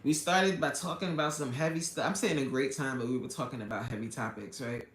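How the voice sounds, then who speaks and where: A woman with a US East Coast accent, working as a life coach, chats casually on a live stream and reads viewers' comments aloud. She is expressive, laughs often, and drops in a preacher-like "amen.". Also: very deep voice, fast talker, roomy sound, a little hiss or hum.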